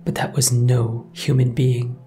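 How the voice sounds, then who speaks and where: A man voicing a frightened male bus passenger who pleads in a hushed, urgent way in a horror story. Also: medium pitch, monotone, a little slow, close to an everyday voice. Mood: fearful.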